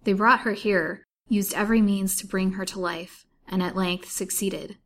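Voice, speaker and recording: A woman's voice: mid-range voice, fairly even intonation, moderate pace, a bit bright, lightly acted. A woman reading aloud in the voice of a weak, bitterly wronged young wife, earnest and pleading.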